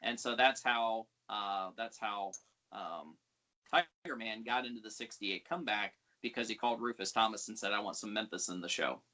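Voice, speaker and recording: A man's voice: normal speed, sharp tone. A man who is a guest on a podcast and tells stories in casual chat, raising his voice to act out quotes. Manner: storytelling, acts out quotes with raised pitch. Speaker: podcast guest, pawn shop worker.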